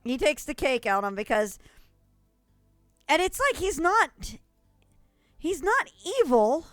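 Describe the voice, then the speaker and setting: A young woman streamer talks in a gushing, rambling way, breaking off now and then to cough. Her voice sits a little high and is recorded dry and close, with faint music playing underneath. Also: a bit bright, no echo. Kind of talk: casual chat to stream viewers.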